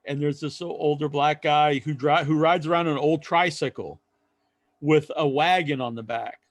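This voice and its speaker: A man co-hosting a podcast, telling a long story in casual chat and acting out other people's lines loudly. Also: a little high, moderate pace, dry recording. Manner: rambling storyteller, acts out quoted voices loudly. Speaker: podcast co-host.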